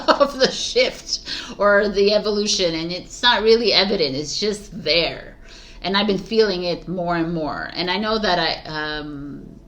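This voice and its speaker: A woman tarot reader talking casually to her viewers in a rambling, reflective way, with many fillers and soft laughs. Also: lowish voice. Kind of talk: casual spiritual talk to viewers.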